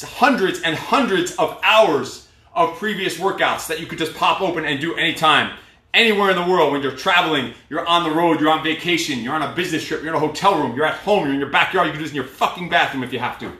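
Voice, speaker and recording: A man working as a fitness coach, cueing a live workout and giving a loud, blunt, profane pep talk. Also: fairly high pitch. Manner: loud, pushy, profane motivator. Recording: echoey room, mic at a distance.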